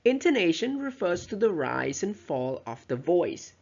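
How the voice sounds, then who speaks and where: A woman with a lowish, sing-song voice, a touch of vocal fry and a slightly mellow quality talks unhurriedly through a recorded lecture on teaching pronunciation. As a teacher trainer, she explains step by step and keeps checking in with "right?" and "you know." The audio is dull and lo-fi.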